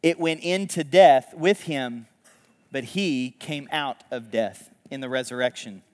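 A man preaching a sermon, retelling a story in a casual, animated way with laughs and quick asides. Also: medium pitch, big-room sound. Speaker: pastor.

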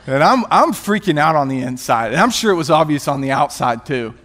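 A male youth pastor and worship leader telling a personal testimony in a sermon, animated and self-mocking, with quick restarts. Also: on the high side.

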